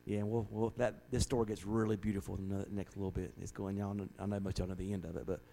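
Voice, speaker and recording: A man's voice: fairly low pitch, flat delivery, fast talker, vocal fry, dark tone, a little hiss or hum, poor audio. A man who is a pastor, earnestly leading a Bible study and often repeating words as he starts a thought.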